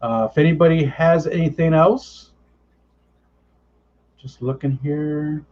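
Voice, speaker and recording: A man's voice: a little high, takes it slowly, slight background noise. A man hosting a livestream in easygoing, casual chat, laughing often and thinking aloud. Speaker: livestream host. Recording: slightly muffled lo-fi audio.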